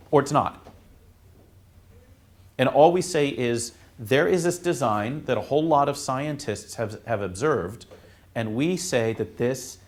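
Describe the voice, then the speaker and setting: A man, a priest, teaching students in a classroom in a casual, halting way, with many fillers and restarts. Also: medium pitch. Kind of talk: informal classroom talk.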